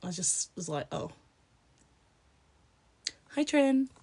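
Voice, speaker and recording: A woman's voice: fairly low pitch, very animated, slow pace, warm tone, husky. A young woman livestreaming, chatting casually with viewers, blunt and crude and laughing often.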